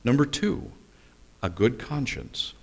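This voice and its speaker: Slow, deliberate male preacher. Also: medium pitch, expressive. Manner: storytelling with rhetorical questions and asides. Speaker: pastor. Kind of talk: sermon.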